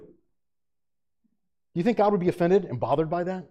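A man's voice: on the high side, very animated, moderate pace, mellow. A man preaching a sermon as pastor, asking his congregation rhetorical questions and rising to fervent emphasis.

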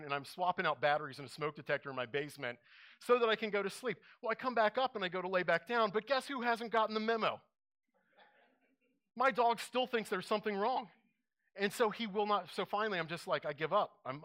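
A male pastor delivering a sermon, telling an animated story and acting out his own reactions. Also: sits high.

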